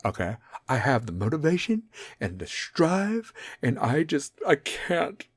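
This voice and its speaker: A man's voice: fairly high pitch, very animated, a little slow, slightly rough, no echo, clean studio sound, exaggerated voice. A man voicing a self-righteous dieter who lectures in a pompous, clipped way. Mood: smug. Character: smug strict-diet adult, self-righteous.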